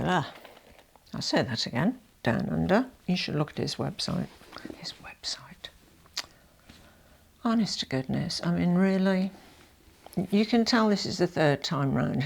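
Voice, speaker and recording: A woman's voice: low-pitched, creaky, slight background noise. A woman chatting to camera in a casual vlog, self-deprecating and full of asides. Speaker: fashion vlogger.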